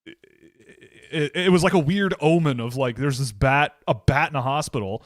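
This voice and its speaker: A man's voice: a little high, normal speed, no room sound, studio quality. A young man co-hosting a casual hockey chat show, rambling through anecdotes and often cutting himself off mid-sentence. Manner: rambling, storytelling, self-interrupting. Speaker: podcast co-host.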